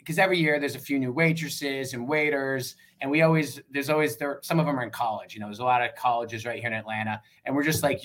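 A man with a Western New York accent, chatting casually as a fan club president on a podcast, relaxed and quick to laugh. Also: mid-range voice. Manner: relaxed, laughs easily, many fillers.

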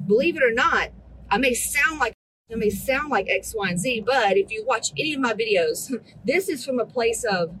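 A woman's voice: on the high side, animated, moderate pace, a bit bright, slight background noise, low-quality recording. A woman in her thirties, a fitness coach ranting bluntly at her group, profane and exasperated. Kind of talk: blunt motivational rant.

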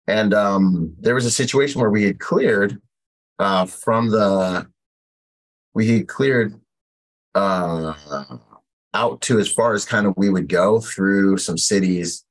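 A man from the United States with a lowish, breathy, husky voice, talking as a podcast guest. He tells a long personal story in a loose, rambling way, stopping for fillers and acting out what others said. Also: takes it slowly, poor audio. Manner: rambling war story with many fillers and acted quotes. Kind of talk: casual storytelling.

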